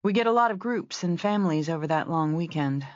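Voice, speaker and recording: A woman reader voicing a brisk, self-assured young woman who manages a ranch resort. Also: on the low side, lively intonation, no echo, lo-fi sound, lightly acted.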